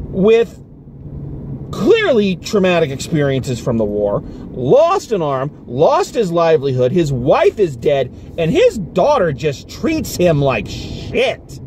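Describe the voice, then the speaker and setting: A man delivers a casual movie review from the seat of a car, his voice pitched high and leaping around with exasperation. He rants and swears freely, sounding worked up. A faint hum of road noise sits underneath. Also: takes it slowly. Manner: exasperated, animated ranting with swearing. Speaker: film reviewer. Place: inside a car.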